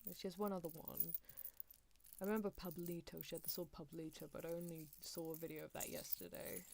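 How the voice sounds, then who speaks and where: A woman chatting on an ASMR stream in a soft, rambling way, laughing lightly at herself. Her voice sits low and sounds dark and mellow. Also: level tone, a little fast, vocal fry. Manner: rambling, giggly, self-deprecating.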